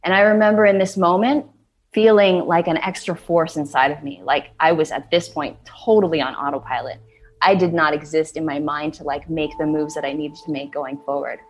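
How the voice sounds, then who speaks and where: A woman's voice: low voice, steady tone, fairly quick, a little hiss or hum. A young woman telling a personal story in an earnest way, with many "like" fillers, acting out her own past words.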